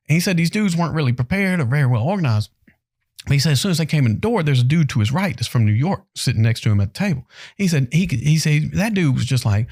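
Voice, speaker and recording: A man's voice: fairly high pitch, fast, no echo, studio quality. A man, co-hosting a podcast in casual chat and animatedly acting out the people in his stories. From North Carolina, US. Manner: animated storyteller who acts out quotes. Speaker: podcast co-host.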